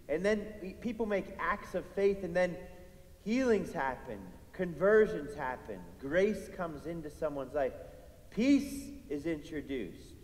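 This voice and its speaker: A man's voice: a little high, expressive, unhurried, a little mellow. A man preaching a sermon in a conversational way that builds to emphatic peaks. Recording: echoey hall with long reverb.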